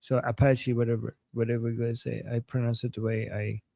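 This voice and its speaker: A man from Iran co-hosting a casual news commentary, excitable and exclaiming often. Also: medium pitch, quick pace, creaky, no room sound, studio quality. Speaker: co-host.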